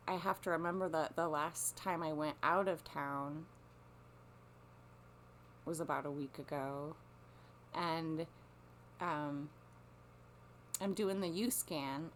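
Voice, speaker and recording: Rambling, foul-mouthed woman with a lowish voice. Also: a little hiss or hum. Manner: rambling, profane, full of restarts. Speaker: storyteller. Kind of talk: casual monologue. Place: lives on a small coastal peninsula.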